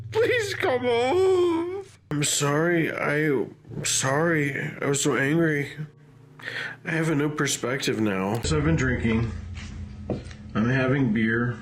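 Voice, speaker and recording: A man's voice: fairly high pitch, slight background noise. A man on archival self-recorded audio, upset and tearful, talking in an emotional, unsteady way. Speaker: suspect in recorded messages.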